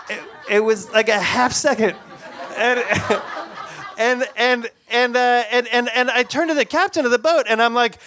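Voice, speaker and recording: Animated, stumbling male storyteller. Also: moderate pace. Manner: animated, stumbling restarts and repeated words; acts out sounds and quotes with big pitch jumps. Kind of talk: live personal storytelling. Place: stage show.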